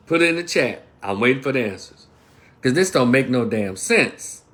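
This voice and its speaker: Speaking to his livestream audience head-on, a Memphis, Tennessee man delivers a heated, profane opinion rant. His voice is mid-range, animated and fairly bright, moving at a moderate pace.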